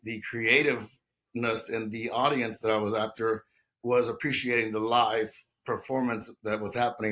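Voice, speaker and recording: A man's voice: lowish voice, fairly bright tone. A man in his fifties from Texas, a guest telling his story in a conversational interview, talking in long runs with many restarts and "you know" fillers. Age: 50s.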